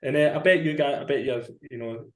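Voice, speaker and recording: A man's voice: medium pitch, fast talker. A man co-hosting a casual podcast, chatty and rambling, laughing often as he talks. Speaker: podcast co-host. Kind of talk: casual banter. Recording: roomy echo.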